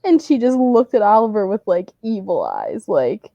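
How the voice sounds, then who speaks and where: A young woman co-hosting a podcast, chatting casually and acting out her kids in animated stories. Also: medium pitch, moderate pace, gravelly, few pauses, no room sound. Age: young adult. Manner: animated storytelling, acts out kids' voices. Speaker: podcast co-host. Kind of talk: casual chat.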